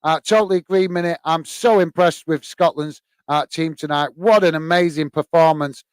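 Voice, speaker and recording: A man's voice: fairly high pitch, steady tone, moderate pace, clear, resonant tone, dry recording. An English man hosting a live football stream, reading fan comments aloud with lots of fillers and friendly "mate" replies. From England. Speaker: host reading live chat.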